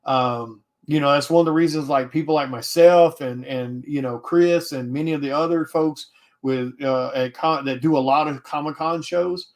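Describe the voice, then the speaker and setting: Blunt, profane man, higher-pitched. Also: moderate pace. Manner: blunt, profane, animated, many restarts. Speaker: indie artist talking to viewers. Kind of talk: casual livestream rant.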